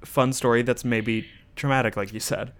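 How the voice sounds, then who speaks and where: A man co-hosting a podcast, chatting casually and reacting with quick enthusiasm. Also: medium pitch, steady tone. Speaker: podcast co-host. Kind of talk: casual chat.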